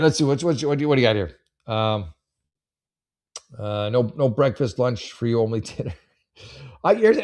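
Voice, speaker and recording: A man hosting a casual advice show, blunt and sarcastic, rambling with lots of fillers and restarts. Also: medium pitch. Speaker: host giving advice.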